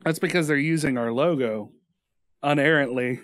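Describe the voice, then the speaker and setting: A man's voice: a little high, normal speed, no room sound, clean studio sound. A man co-hosting a podcast in casual chat, joking and rambling with restarts and laughs. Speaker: podcast co-host.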